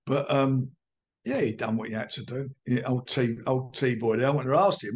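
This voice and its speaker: An older man talks in a mid-pitched voice, blunt and emphatic as he answers interview questions. He often repeats himself to press a point and turns combative when challenged. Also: normal speed. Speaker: boxing promoter.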